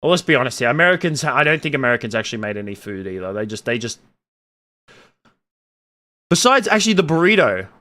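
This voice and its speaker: Young man, bright voice, casual chat, opinionated, animated outbursts, muttered asides. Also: mid-range voice, quick pace, long pauses. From Australia. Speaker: streamer reading chat. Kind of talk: casual chat, reading viewer comments aloud.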